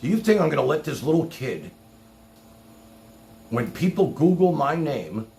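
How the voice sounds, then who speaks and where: Man, livestream host, heated rant, mocking, gravelly, animated pitch. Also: measured pace. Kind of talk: ranting livestream commentary.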